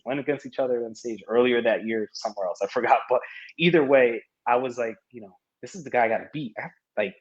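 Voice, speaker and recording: A man in his thirties with a low voice tells his story as a podcast guest, chuckling often and voicing the people in it. The audio sounds dull and lo-fi. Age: 30s. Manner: animated storyteller who laughs often and acts out quoted lines. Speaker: podcast guest, martial arts competitor. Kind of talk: casual interview storytelling.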